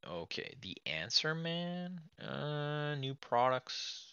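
A man hosting a let's play, chatting to viewers in a chatty, excitable way as he plays an old computer game. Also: fairly low pitch, takes it slowly, creaky, no room sound, highs cut off. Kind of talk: casual game commentary.

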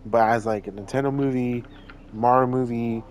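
A man joining a casual movie chat as a guest, talking in quick bursts and swearing casually. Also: medium pitch, fairly even intonation, a little mellow, a little hiss or hum.

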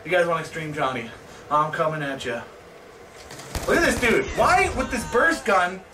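Excitable gamer guy, distant noisy mic. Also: a little high, normal speed. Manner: excitable, swears, yells at opponents. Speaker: gaming channel host. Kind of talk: live gameplay commentary.

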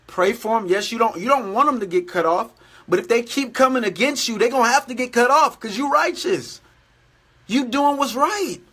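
Man, preaching, earnest, repetitive, husky, bright tone. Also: very high-pitched. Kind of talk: daily devotional sermon.

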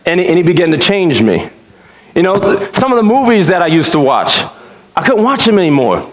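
Lively, high-pitched pastor in an echoey church. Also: male voice, a little fast. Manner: animated, joking storyteller. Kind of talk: sermon. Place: church sanctuary.

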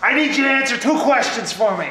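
A man's voice: very high voice, lively intonation, fast talker, bright, forceful tone. A man cutting a menacing, theatrical wrestling promo. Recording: echoey room.

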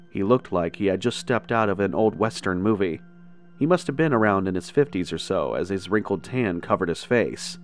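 A man telling a first-person horror story in a steady, measured narration. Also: low-pitched.

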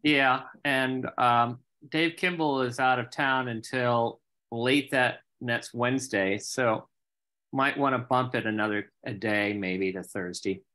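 Bright-voiced man at a meeting. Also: mid-range voice, fairly even intonation, takes it slowly. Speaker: meeting participant. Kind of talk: casual meeting talk.

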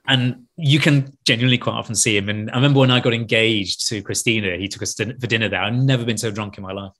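A man, a podcast guest telling animated anecdotes in casual chat and mimicking the voices of people he met. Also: lowish voice, fast. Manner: animated storyteller who often acts out voices of others.

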